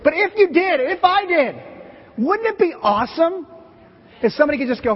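A man's voice: very high voice, expressive, moderate pace, husky. A man preaching a church sermon, playful and joking with volunteers on stage. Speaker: pastor. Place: church sanctuary. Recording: lo-fi with long hall reverb.

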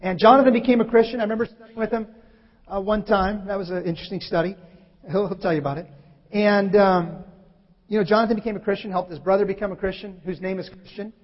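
Male preacher, high-pitched, animated sermon delivery; dull hall recording with long reverb. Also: fast talker. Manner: animated, acts out scripture quotes with sudden loud shifts. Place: church hall.

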